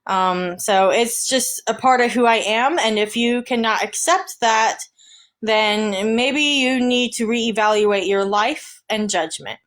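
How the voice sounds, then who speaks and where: Woman, Southern US accent, slightly high pitch, chatty, defensive, rambling, stuffy. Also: takes it slowly, fairly bright tone. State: stuffy, sinuses draining. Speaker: streamer reading and answering posts. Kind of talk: casual chat, reading posts aloud.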